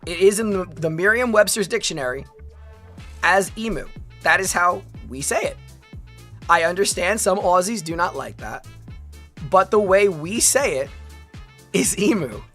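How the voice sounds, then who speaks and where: A woman's voice: lowish voice, expressive, unhurried, pauses often, a bit bright, faint music behind. An American woman streaming, chatting casually and animatedly with many laughs and rambling asides. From United States. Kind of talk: casual livestream chat.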